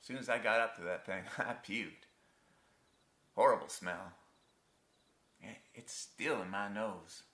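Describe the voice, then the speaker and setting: A grown son with a folksy drawl, telling a rough story, lowish bright voice, echoey stage. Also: male voice, a little slow, pauses often. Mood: wry. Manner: rural folksy dialect, wry storytelling. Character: grown man haunted by his abusive father. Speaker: actor in a stage monologue. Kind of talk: theatrical monologue. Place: theatre stage. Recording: roomy theatre sound.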